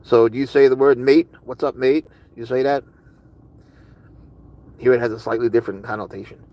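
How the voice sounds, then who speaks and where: A man's voice: medium pitch, fairly even intonation, brisk, mellow, low-quality recording. A man streaming live, casually chatting with viewers and answering their comments in a rambling, curious way.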